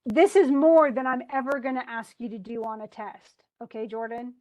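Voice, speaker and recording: Middle-aged woman, classroom teacher, slightly high voice, chatty, thinks aloud. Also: fairly even intonation, moderate pace, a little mellow. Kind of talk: classroom lesson on poetry meter.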